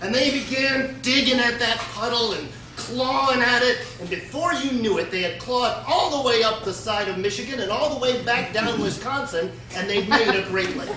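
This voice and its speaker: A man telling a folksy tall tale to a live audience in a deadpan, mock-solemn manner. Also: very high-pitched, moderate pace, hardly any pauses. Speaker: storyteller. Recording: echoey room, distant mic, noisy.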